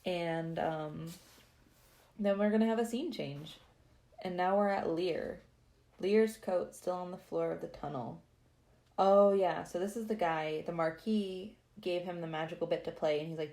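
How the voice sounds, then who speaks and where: Chatty low-voiced woman recapping. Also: a little slow, a little mellow. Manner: chatty, laughs often, says "like" a lot. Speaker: podcast host. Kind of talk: casual chapter recap.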